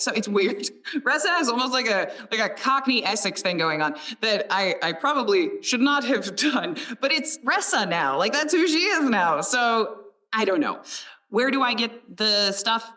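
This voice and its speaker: A woman's voice: fairly high pitch, very animated, moderate pace, bright, forceful tone, far from the mic. A woman who narrates audiobooks talking casually and enthusiastically, often laughing. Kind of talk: casual conversation.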